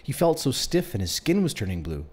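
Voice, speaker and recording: A man reading a book aloud, voicing a worried but gently reassuring mother. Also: medium pitch, very animated, a little fast, husky, pitched above the performer's own voice. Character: worried caring mother, calm and soothing.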